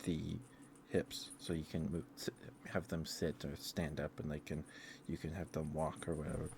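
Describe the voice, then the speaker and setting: A man rambles in a soft-spoken ASMR style, with a very low voice. He pauses often and fills the gaps with hesitant fillers. A steady hiss sits under the recording. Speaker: streamer.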